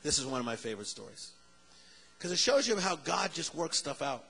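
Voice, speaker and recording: A male preacher telling a story in a sermon, animated and acting out the people in it. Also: fairly high pitch, brisk, vocal fry, breathy edge.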